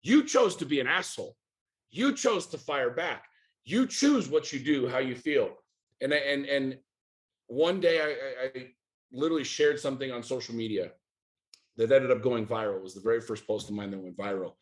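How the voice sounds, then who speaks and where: A man's voice: medium pitch, normal speed. A middle-aged man from the United States, a podcast guest speaking candidly and intensely, swearing often and firing off rhetorical questions. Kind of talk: candid interview talk.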